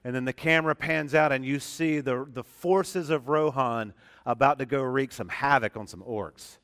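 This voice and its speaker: A man's voice: medium pitch, normal speed, a bit bright. A man preaching a sermon as pastor, talking in a conversational way that turns earnest and emphatic, with frequent restarts and repeated phrases. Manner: earnest and emphatic, stressing key words.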